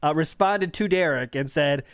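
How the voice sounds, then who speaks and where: A man hosting a comedy podcast, chatting casually with excitable, laughing banter. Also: a little high, moderate pace, clear, resonant tone, dry recording, clean studio sound. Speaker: podcast host.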